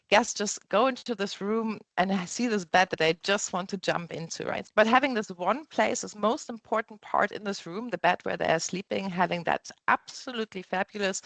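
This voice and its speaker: A woman's voice: medium pitch, a bit bright, dry recording. A woman hosting an interview podcast, chatty and enthusiastic, often ending thoughts with "right?". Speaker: podcast host. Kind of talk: casual interview chat.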